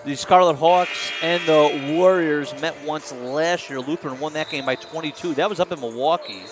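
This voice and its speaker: A man calling live basketball play-by-play, quick and excitable, rising on big plays. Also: on the high side, music in the background. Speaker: play-by-play announcer. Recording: noisy gym broadcast.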